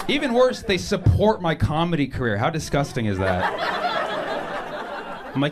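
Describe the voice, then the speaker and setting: A man's voice: medium pitch, big pitch swings, brisk, pauses often, a crowd in the background. A man doing a live stand-up set, mock-indignant and self-mocking. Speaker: stand-up comedian. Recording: live club with audience noise. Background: audience laughter.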